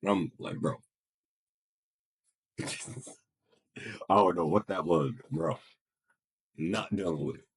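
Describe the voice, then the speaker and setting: Brief: husky man with a lowish voice, reaction streamer, blunt and profane, laughs between remarks. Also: animated, slow pace, long pauses. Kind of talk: casual reaction commentary.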